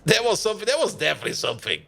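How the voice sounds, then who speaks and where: A male game streamer with a high, lively voice, chatting loosely as he plays. He laughs often and greets viewers as they arrive, in a bright, animated way. Faint music runs underneath. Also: racing, vocal fry. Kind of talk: casual live-stream chat.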